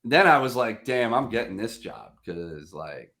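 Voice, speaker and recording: A man's voice: fairly low pitch, very animated, a little slow, sharp tone. A man, chatting casually on a podcast and acting out both sides of his phone calls. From Staten Island, New York. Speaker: podcast guest, sales rep. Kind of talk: casual chat, storytelling.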